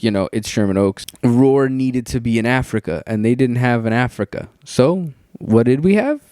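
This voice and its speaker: Give me a sarcastic, animated young man ranting, slightly high voice, recorded dry. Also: no echo. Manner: animated, sarcastic, swears a lot. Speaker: YouTuber. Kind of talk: ranting commentary.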